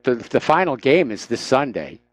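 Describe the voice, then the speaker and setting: A man's voice: mid-range voice, big pitch swings, moderate pace, dry recording. A man hosting a talk radio show, giving opinionated, sarcastic commentary with frequent "uh" fillers into a studio microphone.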